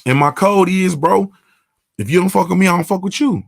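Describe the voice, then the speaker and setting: A man's voice: high voice, brisk, vocal fry, dry recording, clean studio sound. A man, hosting a morning show and talking bluntly and profanely in a casual monologue. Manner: blunt, profane, repeats "you understand what I'm saying".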